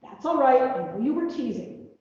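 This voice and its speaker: A woman's voice: sits high, very animated, normal speed, darkish tone, slight background noise. A woman voicing a kindly, fussing old grandmother in a storybook reading, chatty and doting. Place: large echoey church hall. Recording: distant, dull, echoey hall recording.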